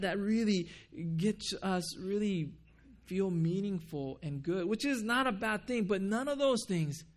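A man preaching a sermon as pastor in a church, earnest, asking the congregation questions and repeating words for emphasis. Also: high voice. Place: church building.

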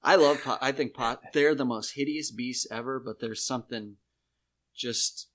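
A man's voice: mid-range voice, moderate pace, fairly bright tone. A man from New York in a casual comedic chat, telling rambling, jokey anecdotes with silly voices.

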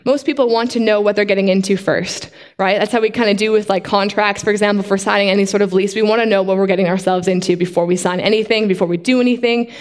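A woman preaching a sermon to a congregation in a lively way, often asking them questions. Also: mid-range voice, quick pace, hardly any pauses, big-room sound. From not from Australia.

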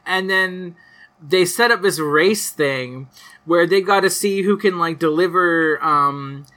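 A podcast co-host rambles through a casual recap of a cartoon episode, full of fillers and offhand swearing. His voice is high-pitched and sharp, and he takes his time.

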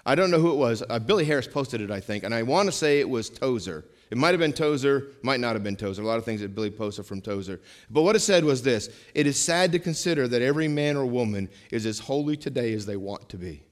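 Man preaching, pastor, mid-pitched voice, loud peaks and quiet drops, repeated phrases, long church reverb. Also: fast talker, few pauses. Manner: animated preaching, swings between loud emphasis and hushed asides, repeats lines. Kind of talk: sermon.

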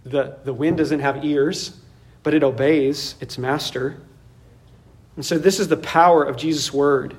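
Male pastor, slightly high voice, animated sermon delivery with frequent laughs. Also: a little slow.

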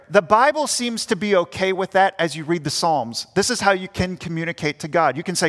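A man's voice: high-pitched, brisk, few pauses, a bit bright. A young man preaching an earnest sermon as pastor, acting out the grumbling voices he quotes. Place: church. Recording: long church reverb.

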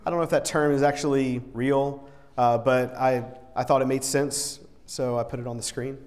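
A man's voice: mid-range voice, steady tone, moderate pace, a little mellow. A man preaching a sermon in an earnest, conversational way, often repeating words and restarting his sentences. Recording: long reverb in a large hall.

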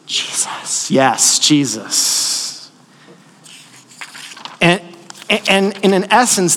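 A middle-aged male pastor with a notably high-pitched voice, preaching in a relaxed, conversational manner. He keeps asking the congregation questions and answering them himself. His voice trails off into the long reverb of a large sanctuary. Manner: conversational storytelling with fillers. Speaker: lead pastor. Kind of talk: sermon.

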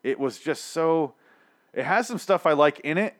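A man's voice: fairly high pitch, expressive, moderate pace. A man giving a casual, profane review of a TV episode, blunt and rambling, with frequent swearing and restarts.

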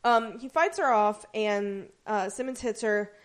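Unhurried and mid-range in pitch, this woman co-hosts a laid-back podcast chat. Her animated recap of a TV episode is full of playful voices for the quotes.

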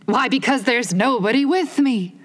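A pompous, touchy egg-man holds forth from his wall, drawing out his words in a slow, haughty, raised voice, as a woman reader puts him on. He lectures rather than talks, leaning hard on each grand phrase. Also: mid-range voice, very animated, a bit bright, voice pushed up.

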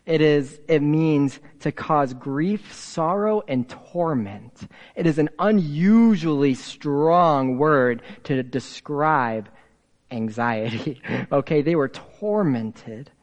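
A man preaching a sermon as a pastor, telling the story in an animated way with playful asides. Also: a little high. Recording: hall reverb.

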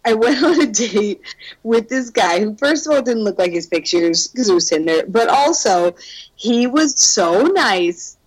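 A young woman telling a dating story in casual podcast chat. She is animated, swears freely and laughs through her words. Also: a little high, measured pace, breathy edge, rough recording.

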